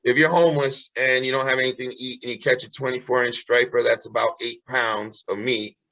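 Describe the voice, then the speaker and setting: A man's voice: mid-range voice, flat delivery, brisk, bright, forceful tone, dry recording. Earnest man with dull, dry sound. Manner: earnest, encouraging, repeats key phrases. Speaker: guest. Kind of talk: casual interview chat.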